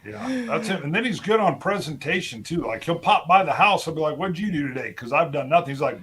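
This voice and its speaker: A man co-hosting a whiskey talk show, telling animated stories and acting out quotes with lots of laughter. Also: fairly high pitch, fast, hardly any pauses. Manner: animated storyteller, acts out quotes, laughs often. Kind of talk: casual chat.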